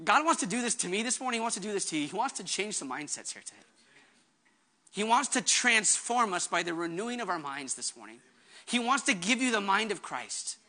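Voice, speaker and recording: A male pastor preaching a sermon with earnest, impassioned conviction and quick asides. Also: high voice, big pitch swings, sharp tone.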